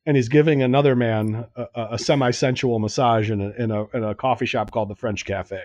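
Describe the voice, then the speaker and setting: A man telling a rambling, animated story in casual chat, swearing freely and acting out both sides of the conversation. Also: medium pitch, quick pace, no room sound, dull audio. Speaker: podcast co-host.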